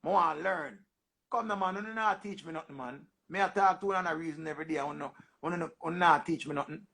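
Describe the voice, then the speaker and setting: A young man with a Jamaican accent, hosting a casual livestream and bantering in animated patois, often repeating himself. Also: on the high side, fast talker, creaky. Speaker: livestream host. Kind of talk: casual livestream chat with callers.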